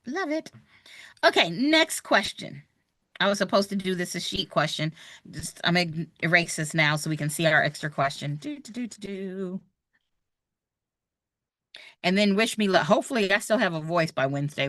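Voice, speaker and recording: A woman, running a live online review for a real estate exam, chatty and animated as she talks straight to her viewers. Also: fairly low pitch, no room sound, clean studio sound.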